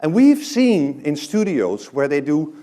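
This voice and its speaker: A man's voice: fairly high pitch, very animated, measured pace, warm tone. A man giving a conversational talk to a live audience, often checking in with the room by asking "right?". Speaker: presenter.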